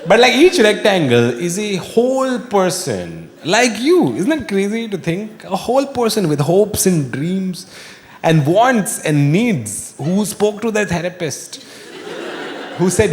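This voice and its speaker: A fairly high-voiced man doing a stand-up set, his pitch swinging widely as he builds to bits. He talks into a stage mic in a big room with long reverb, with audience laughter and room noise clearly behind him. His delivery is wry and animated. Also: measured pace. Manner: animated, wry, bursts into shouting. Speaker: stand-up comedian. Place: live comedy venue with audience laughter. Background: audience laughter and room ambience.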